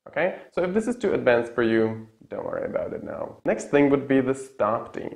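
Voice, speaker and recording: A man with Czech as his first language teaching English pronunciation in a casual lesson, repeating example words slowly and tagging sentences with "yeah?". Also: mid-range voice, big pitch swings, darkish tone. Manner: tags sentences with a questioning "yeah?".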